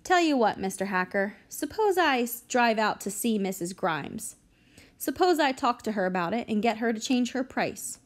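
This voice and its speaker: A woman's voice: a little high, expressive, normal speed, natural voice. A woman reading an audiobook, voicing a polite, persuasive bachelor businessman ready to retire. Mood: earnest. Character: polite middle-aged male businessman, eager to buy.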